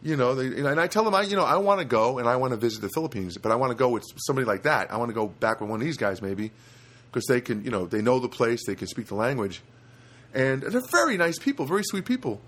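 Brief: man from New Jersey, casual solo podcaster in his apartment, mid-pitched, halting and rambling. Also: animated, fairly bright tone. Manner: rambling, many fillers and restarts. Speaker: podcast host. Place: studio apartment.

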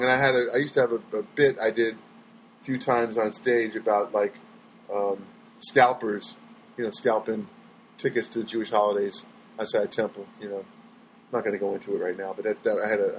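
A man's voice: medium pitch, a little hiss or hum, rough recording. A man talking casually on his own as a stand-up comedian, rambling and chatty, often trailing off and restarting his sentences. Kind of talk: casual solo monologue.

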